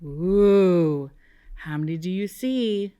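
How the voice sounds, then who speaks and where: A woman teaching a first grade class on television, speaking in a slow, sing-song voice aimed at young children. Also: smooth, muffled recording. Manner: slow, animated, sing-song teacher talk with big pitch swings.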